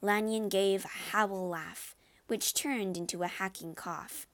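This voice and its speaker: A woman's voice: medium pitch, slow. Woman reading a classic storybook. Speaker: narrator. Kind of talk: scripted storybook narration.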